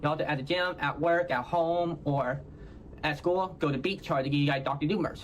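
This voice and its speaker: Brief: Texan guy, higher-pitched voice, mushy hard-to-follow diction, tags "all right, y'all?" onto everything. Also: slight background noise. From Houston, Texas. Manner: halting, ends nearly every phrase with "all right, y'all?". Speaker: content creator in a played clip. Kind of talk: casual self-explaining talk to viewers.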